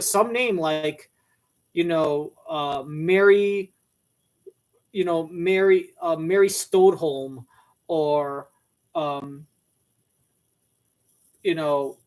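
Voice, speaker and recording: Crude rambling commentator overthinking a tv clip, acts out voices, mid pitch.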